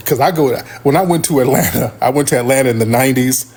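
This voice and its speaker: A man hosting a live stream, telling a story casually and acting out other people's voices with big pitch jumps. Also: quick pace, darkish tone, breathy edge. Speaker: livestream host.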